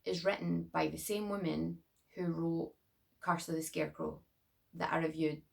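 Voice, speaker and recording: A woman's voice: low voice, level tone, normal speed, vocal fry. A young woman reviewing a horror movie in her bedroom, rambling and chatty with lots of filler.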